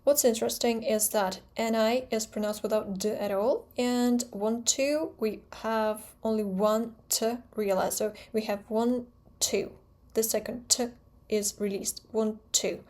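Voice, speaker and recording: A woman with a fairly high voice and a Russian accent teaches her own pronunciation method. She talks fast and precisely and stresses the sounds she uses as examples. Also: fairly even intonation, darkish tone. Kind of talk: explanatory talk to camera.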